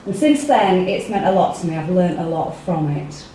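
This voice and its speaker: A woman's voice: fairly low pitch, expressive, normal speed, hardly any pauses, mellow, slight background noise. A woman with an English accent giving a chatty workshop talk, often putting questions to the audience. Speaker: workshop speaker. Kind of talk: interactive talk to a small group. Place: meeting room with a live audience. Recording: echoey room, mic far off.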